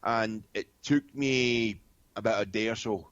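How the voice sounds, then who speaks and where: A man's voice: on the low side, a little slow, fairly bright tone, no room sound. Rambling Scottish man, dull lo-fi sound. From Scotland. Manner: rambling storyteller with many restarts and fillers. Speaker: guest medium. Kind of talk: casual podcast chat.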